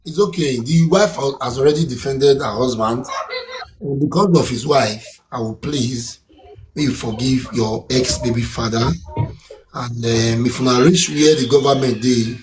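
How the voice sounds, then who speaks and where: A man with a Nigerian accent hosting a live stream talk show in casual Pidgin. He talks in a loud hype-man way and breaks into chants and song. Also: medium pitch, moderate pace, noisy background.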